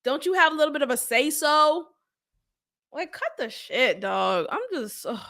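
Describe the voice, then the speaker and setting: Podcast host lady, blunt and sarcastic, cusses a lot, high bright voice. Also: measured pace. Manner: blunt and sarcastic, swears freely, animated. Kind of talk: casual podcast commentary.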